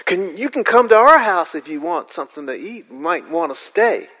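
Man doing a loud backwoods man, friendly, higher voice, hall reverb. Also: big pitch swings, moderate pace, heavily acted. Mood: folksy. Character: folksy rural backwoods man, hospitable.

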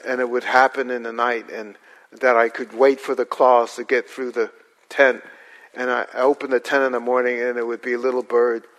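A man telling a personal story to an audience in a halting, rambling way. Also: medium pitch, a bit bright. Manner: halting, rambling, with restarts and fillers. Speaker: guest speaker. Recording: long hall reverb.

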